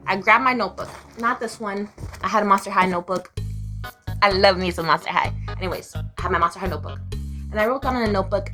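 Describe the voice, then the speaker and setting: A woman's voice: mid-range voice, fast, pushed and bright, faint music behind. A young woman telling her life story to the camera in a blunt, profane way, now and then squealing her inner voice. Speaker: vlogger.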